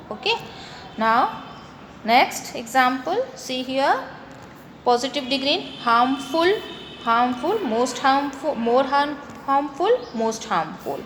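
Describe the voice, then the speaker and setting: A woman with an Indian accent teaching English grammar, repeating example words slowly and breaking them into syllables. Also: high-pitched, in a large hall, slight background noise. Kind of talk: grammar lesson mixing English and Hindi.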